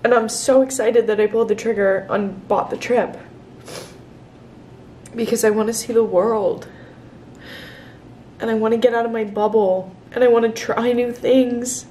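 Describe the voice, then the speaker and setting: A woman's voice: fairly high pitch, steady tone, normal speed, long pauses, warm tone, slight background noise. A 21-year-old woman speaking candidly in a confessional vlog, emotional and close to tears, filmed outdoors and then indoors on a camera set down nearby. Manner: emotional, candid, tearful at times. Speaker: vlogger.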